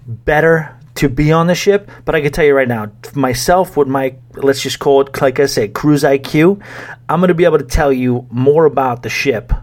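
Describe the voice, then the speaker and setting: A man's voice: medium pitch, a little mellow. A man hosting a podcast, talking casually and rambling, now and then getting fired up in mock rants. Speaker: podcast host. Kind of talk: casual solo podcast talk.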